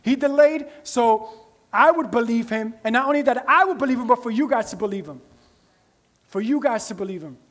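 A man's voice: very high voice, animated, brisk, a bit bright. A man preaching a sermon as pastor, in a conversational style with frequent "right?" asides to the congregation.

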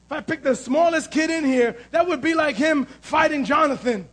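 A man preaching a sermon to a congregation as pastor, shouting his points with emphasis, asking "Amen?", and making wry sarcastic asides. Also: extremely high pitch, moderate pace. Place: church before a congregation.

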